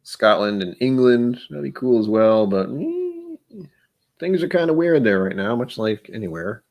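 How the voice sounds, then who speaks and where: A man's voice: mid-range voice, big pitch swings, measured pace, a little mellow. A man hosting his own vlog, rambling through casual solo musings with self-deprecating humor. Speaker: vlog host.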